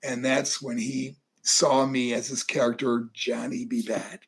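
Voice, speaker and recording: A middle-aged man from New York, an interview guest telling lively anecdotes in casual storytelling and acting out other people's voices. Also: medium pitch, a little slow, gravelly, husky. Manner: animated, acts out voices in anecdotes. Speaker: interview guest, former wrestler.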